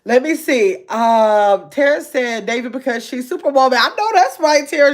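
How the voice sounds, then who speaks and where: A woman hosting a casual livestream, reading viewer comments aloud and chatting quickly and playfully. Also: high voice. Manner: talks fast, says so herself; lively, chatty, laughs easily. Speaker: livestream host.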